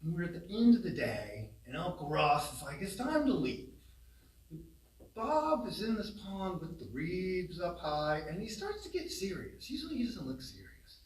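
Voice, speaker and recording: A man telling humorous family stories in a eulogy at a funeral home, animated and laughing along, recorded from a distance. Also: high-pitched, moderate pace, hardly any pauses. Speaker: son giving a eulogy. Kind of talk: humorous memorial storytelling. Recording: roomy, distant hall sound.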